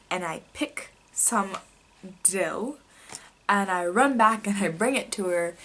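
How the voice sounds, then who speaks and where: A young woman vlogger casually telling childhood stories to camera, rambling with many fillers and sometimes dropping to a soft whisper. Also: mid-range voice, slightly rough.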